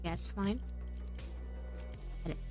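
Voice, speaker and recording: A woman's voice: slow pace, over music. A woman VTuber in casual gameplay commentary, chatty and thinking aloud as she plays, laughing often. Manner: reads game dialogue aloud. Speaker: VTuber streamer.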